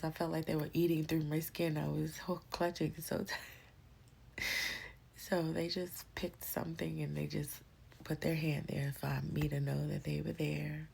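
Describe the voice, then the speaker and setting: A woman telling a personal story in a casual, slangy way, often sinking into breathy whispers. Her voice sits a little low and sounds husky and gravelly. She takes her time with every line. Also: darkish tone.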